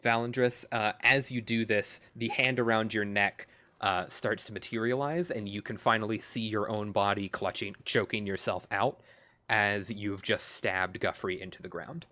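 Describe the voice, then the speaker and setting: A man running a tabletop game as game master, describing the action with frequent pauses and fillers. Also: lowish voice, fairly even intonation, sharp tone. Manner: halting, with many fillers.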